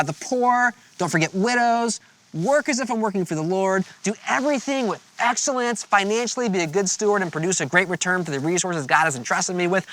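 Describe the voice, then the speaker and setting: Man, pastor, sermon, conversational storytelling, bright clear voice, a bit high, faint music behind. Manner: conversational, animated storytelling with playful asides.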